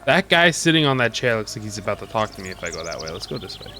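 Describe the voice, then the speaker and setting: A man's voice: on the low side, sing-song, racing, pushed and bright. A man streaming a video game, joking and curious as he comments on what he sees. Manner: joking, curious, often laughing. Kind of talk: gameplay commentary.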